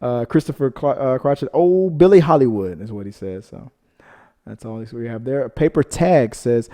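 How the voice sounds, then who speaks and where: A man's voice: medium pitch, lively intonation, moderate pace, mellow. A man co-hosting a reaction channel, chatting casually as he reads out viewer comments, rambling into side stories and then apologizing for them. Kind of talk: casual chat.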